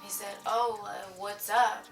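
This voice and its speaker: A woman's voice: mid-range voice, level tone, slow, vocal fry. A young woman telling a casual storytime to her viewers, chatty and full of filler words. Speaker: vlogger. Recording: echoey room, mic at a distance, faint music.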